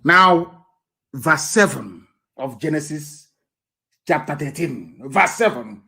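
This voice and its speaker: A man with a Nigerian accent giving a live political broadcast, lecturing from the Bible with scorn and sudden swings between loud and soft. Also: a little high, expressive, gravelly. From eastern Nigeria. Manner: reads Bible verses aloud slowly, pausing and restarting. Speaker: activist broadcaster.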